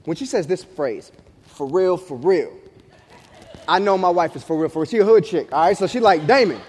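High-voiced slangy preacher in a reverberant hall. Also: male voice, breathy edge. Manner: animated storytelling with street slang, acting out quotes. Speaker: pastor. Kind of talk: sermon. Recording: long reverb of a large hall.

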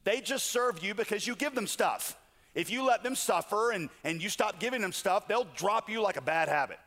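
A sly, cynical Satan taunts God in a raised, slightly higher voice, played by a preacher. Long echoes trail his words around a large hall. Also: lively intonation, normal speed, fairly bright tone. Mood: taunting. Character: Satan, a sly male accuser.

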